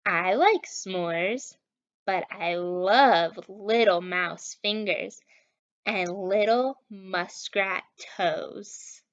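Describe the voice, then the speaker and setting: A woman's voice: no echo, highs cut off. A woman growling as a hungry mountain monster. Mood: menacing. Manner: slow, low, drawn-out menace.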